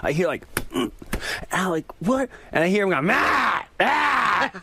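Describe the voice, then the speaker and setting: A man's voice: a little high, a little fast, husky. A middle-aged man, a talk-show guest, telling stories animatedly and acting out scenes. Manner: animated storyteller who acts out scenes. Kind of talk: casual talk-show chat.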